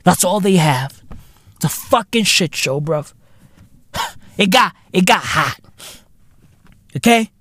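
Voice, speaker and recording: Loud swearing man ranting. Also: high-pitched, expressive, takes it slowly, pauses often. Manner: loud, swearing, swings between shouting and muttering. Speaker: podcast host. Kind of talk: solo comedic rant.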